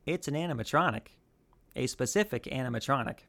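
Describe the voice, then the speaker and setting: Male podcast host, mid pitch, loose chatty delivery that stumbles and restarts. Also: animated, a little fast, vocal fry, a bit bright. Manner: rambling, full of restarts and asides. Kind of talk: casual podcast chat.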